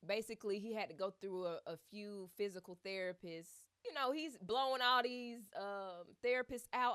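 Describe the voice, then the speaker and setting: A woman's voice: medium pitch, moderate pace, hardly any pauses, clean tone. A woman giving a casual, chatty commentary, retelling a story with lots of fillers and asides. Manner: chatty and animated, with many fillers.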